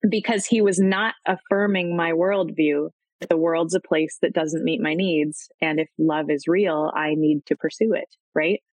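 A woman's voice: deep voice, steady tone, normal speed, few pauses, no room sound, poor audio. A woman speaking as a guest expert, explaining in a chatty way, often acting out quoted lines and checking in with "right?". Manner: acts out quoted voices, frequent "right?" and "um". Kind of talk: conversational explaining.

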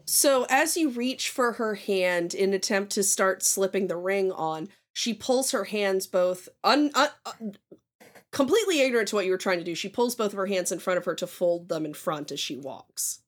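A woman narrating a tabletop game as game master, playful and quick to laugh with players. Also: mid-range voice.

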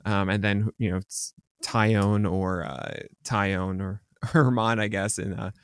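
A man's voice: on the low side, fairly even intonation, takes it slowly, clear, resonant tone, no echo, studio quality. A man co-hosting a casual sports podcast, chatty and rambling with many fillers and restarts. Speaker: podcast co-host.

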